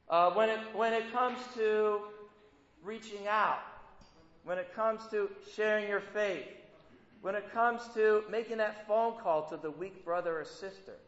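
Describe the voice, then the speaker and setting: A man's voice: high-pitched, a bit bright. A man preaching a sermon in a conversational way, often putting rhetorical questions to his listeners. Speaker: pastor. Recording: echoey hall, dull lo-fi sound.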